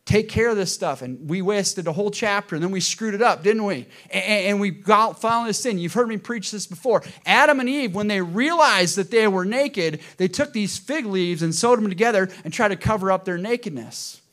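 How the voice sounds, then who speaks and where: A man preaching a sermon to his congregation, asking them questions and swinging between loud emphasis and hushed moments. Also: sits high, animated, normal speed, hardly any pauses. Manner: addresses congregation directly with questions. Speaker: pastor.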